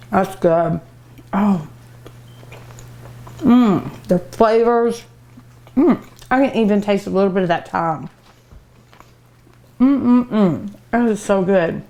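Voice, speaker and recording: Unhurried middle-aged woman, cooking show host, tasting and humming. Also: medium pitch, dark tone. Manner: savoring food aloud with many hums.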